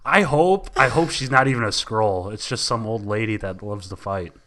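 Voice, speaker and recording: A man co-hosting a casual podcast in a lowish voice with a bright, forceful edge. He rambles and corrects himself as he goes. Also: moderate pace. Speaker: podcast co-host. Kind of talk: casual chat.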